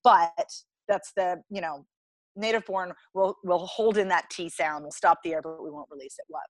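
A woman's voice: on the low side, moderate pace, dry recording, poor audio. An American woman being interviewed as a dialect coach, explaining in a chatty way with many fillers and restarts. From United States. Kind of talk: conversational podcast interview.

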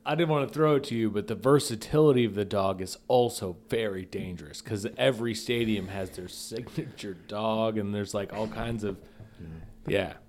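A man's voice: on the low side, normal speed, darkish tone. A young man co-hosting a comedy podcast, arguing his side playfully and laughing mid-sentence. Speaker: podcast co-host. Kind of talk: casual comedic banter.

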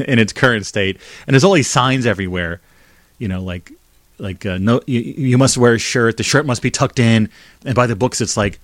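A man in his fifties from New Jersey rambles through a solo podcast, drifting from one memory to the next. His voice sits on the low side and comes across close and dry through a condenser mic, with no room sound around it. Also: no room sound. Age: 50s. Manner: chatty, digressive, nostalgic. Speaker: podcast host. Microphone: condenser mic through a mixer.

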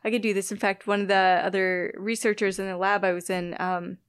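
A woman's voice: medium pitch, flat delivery, brisk, clean tone, no room sound. A woman in her thirties from the US Midwest, chatting in an interview with frequent laughs and self-deprecating asides. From Illinois-Wisconsin border, US Midwest. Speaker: guest biologist. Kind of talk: casual interview chat.

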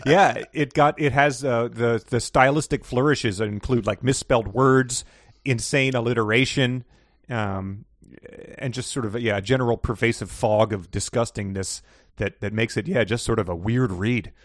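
A man's voice: mid-range voice, moderate pace, no room sound, clean studio sound. A man co-hosting a casual book podcast, talking in a wry, rambling way with frequent laughs. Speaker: podcast co-host.

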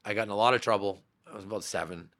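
Man, from Massachusetts, bright forceful voice, animated rambling storyteller, casual interview guest. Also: on the low side, racing. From Massachusetts, USA. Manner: animated, rambling anecdotes with many fillers and restarts. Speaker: real estate brokerage owner, podcast guest.

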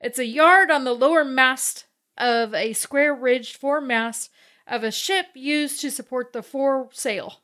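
A woman's voice: high-pitched, measured pace, bright, forceful tone. A woman co-hosting a podcast, chatting in an easygoing, giggly way. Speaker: podcast co-host. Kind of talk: casual chat.

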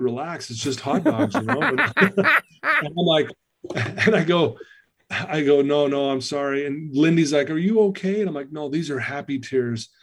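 A man's voice: medium pitch, a little mellow. A middle-aged man, a personal-development coach, tells his life story as a podcast guest, acting out the dialogue.

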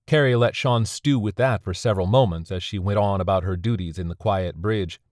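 Low-voiced male audiobook narrator. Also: brisk, darkish tone, no room sound, clean studio sound. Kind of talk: scripted narration.

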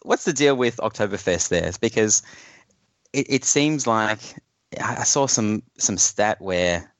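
A man's voice: fairly low pitch, animated, a little slow, no echo. A man co-hosting a casual podcast, rambling with frequent restarts and hedges. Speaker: podcast co-host. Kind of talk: casual chat.

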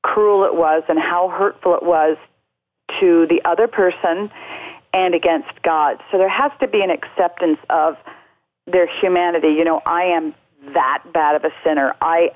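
A woman's voice: fairly low pitch, fairly even intonation, normal speed, no room sound. A woman speaking as a guest in an interview, giving earnest, reflective answers with many fillers and restarts. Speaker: guest speaking on parenting and faith. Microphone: telephone. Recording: tinny phone line.

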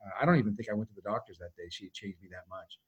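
A man co-hosting a podcast, chatting casually and telling stories with lively laughter. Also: fairly low pitch, very fast, slightly rough, dull audio. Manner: animated storyteller, laughs often. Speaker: podcast co-host.

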